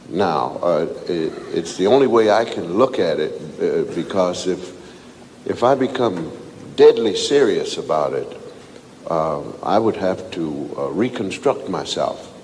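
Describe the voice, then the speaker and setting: A man in his forties speaking reflectively in a halting, hesitant way. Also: deep voice, sing-song, darkish tone. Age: 40s. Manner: slow, halting, hesitant delivery. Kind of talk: reflective monologue. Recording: reverberant hall with faint background noise.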